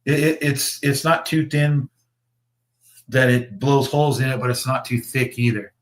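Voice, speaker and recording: A man's voice: mid-range voice, fairly even intonation, normal speed. Rambling, swearing man at his workbench. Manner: rambling, profane, chuckling. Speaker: slot car builder and show host. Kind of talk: casual livestream chat.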